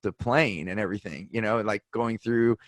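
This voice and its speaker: A man hosting a podcast, chatting casually and telling animated stories, acting out the people he quotes. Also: on the low side, normal speed, no echo, studio quality. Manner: animated storyteller, acts out quoted voices. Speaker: podcast host. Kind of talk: casual conversation, storytelling.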